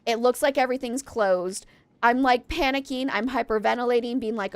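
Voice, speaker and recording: A woman's voice: a little high, a little fast, clear, resonant tone, dry recording. A woman game streamer chatting with her viewers and telling a rambling story, full of fillers. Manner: rambling, chatty, heavy use of "like" and "um"; greets and thanks chat warmly. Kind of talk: casual live-stream chat and storytelling.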